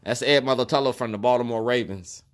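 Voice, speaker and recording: Speaking fast in a mid-range voice, this middle-aged shopkeeper and activist vlogger addresses the camera directly. His protest monologue is emphatic and informal, and he hammers home his main lines by repeating them.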